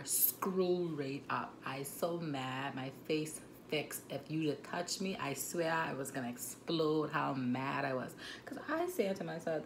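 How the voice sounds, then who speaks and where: A young woman with a Turks and Caicos Islands accent tells a story on a phone mic, animated and indignant, with many asides. Her voice is low and gravelly, with fry. A faint hiss sits behind her. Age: 20s. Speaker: vlogger. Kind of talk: storytime vlog. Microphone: phone camera mic.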